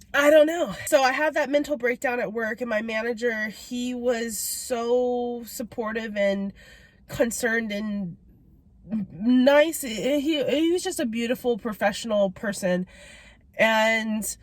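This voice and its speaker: Young woman, bit higher voice, confiding storytime vlogger, filler-heavy, emotional. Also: dry recording. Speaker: mukbang vlogger. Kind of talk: candid storytime while eating. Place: home, late night.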